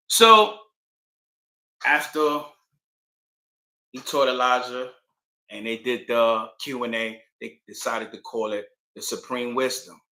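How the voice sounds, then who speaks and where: A man hosting his own channel, telling history in a casual, slangy storytelling way and acting out quotes. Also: mid-range voice. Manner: slangy, animated, acts out quotes. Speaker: channel host. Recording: echoey room.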